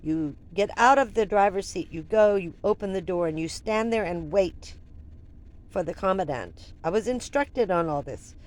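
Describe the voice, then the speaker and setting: An older woman vlogger telling a personal story in an animated, rambling way, full of restarts and asides. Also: mid-range voice.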